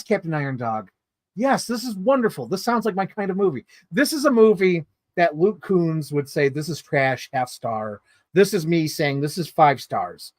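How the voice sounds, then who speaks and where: A man giving a casual movie review, excitable, laughing often and swearing freely. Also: on the high side, dry recording.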